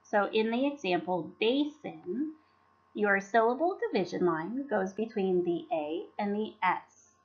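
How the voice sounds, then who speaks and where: A woman's voice: medium pitch, lively intonation, unhurried. A woman giving a scripted teaching presentation, carefully sounding out syllables and words. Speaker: teacher presenting professional development. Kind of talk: scripted instructional narration. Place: voice-over for slide presentation. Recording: dull lo-fi recording.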